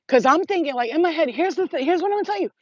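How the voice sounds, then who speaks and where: A woman talking as a spiritual healer in a rambling, animated and profane livestream monologue. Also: very high voice, racing, no room sound, highs cut off.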